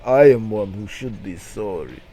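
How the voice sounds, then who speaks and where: A man's voice: lowish voice, animated, a little slow, warm tone, faint music behind, pitched below the performer's own voice. A man voicing a polite male Tetris block with a thick put-on Russian accent and stiff, formal phrasing. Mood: courteous.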